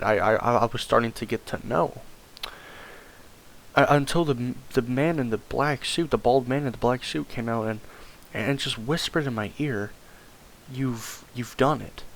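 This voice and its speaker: A man's voice: medium pitch, a bit bright. A man telling a rambling comedic story, stammering and repeating words and swearing often.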